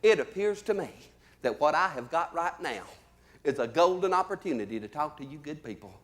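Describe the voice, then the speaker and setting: A male comic with a Southern US drawl and a high-pitched voice, telling homespun stories live from a theater stage. He leans into his punchlines loudly, then drops to low, quiet asides. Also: lively intonation, a little fast. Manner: folksy drawling storyteller, swings between loud and low. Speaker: stand-up comedian. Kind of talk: live stand-up storytelling.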